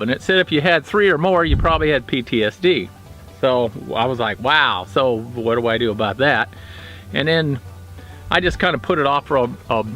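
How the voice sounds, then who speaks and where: A middle-aged man, a retired prison officer, telling his own stories in a plainspoken, blunt way, halting often with fillers. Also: mid-range voice, bright, forceful tone. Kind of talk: casual storytelling monologue.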